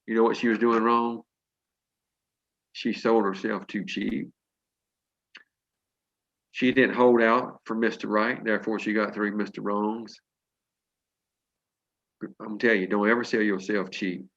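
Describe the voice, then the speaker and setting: A man's voice: on the low side, level tone, a little slow, creaky, long pauses, a bit bright, muffled recording. Emphatic older man giving a pep talk. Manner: emphatic, preachy, folksy storytelling. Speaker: motivational speaker for a sales team. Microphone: video call.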